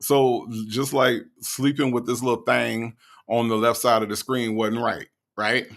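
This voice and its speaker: Man, gravelly voice, sarcastic reaction commentary, slow mocking delivery. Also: mid-range voice, little pitch movement, a bit bright. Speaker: commentary host.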